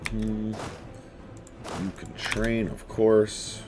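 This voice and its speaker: A man's voice: fairly low pitch, drawn-out words, over music. A man giving casual, chatty commentary as he plays a strategy game, talking straight to the enemies on screen. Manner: animated, chatty, talks to the game's enemies. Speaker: let's play host.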